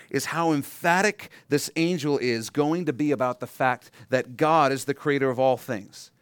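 A man preaching a sermon, animated and acting out the voices he quotes. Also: mid-range voice, no room sound. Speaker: pastor. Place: church sanctuary.

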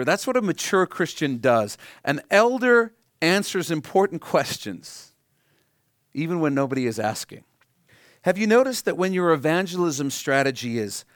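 Animated preacher man, dry close sound. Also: fairly high pitch, dry recording. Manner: animated, swings from loud emphasis to hushed pleading. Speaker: pastor. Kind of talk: sermon.

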